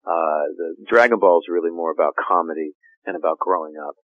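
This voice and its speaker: A middle-aged male actor chatting casually in an interview, relaxed and laughing often. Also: low voice, fairly quick, no echo. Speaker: actor guest. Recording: tinny phone-like line.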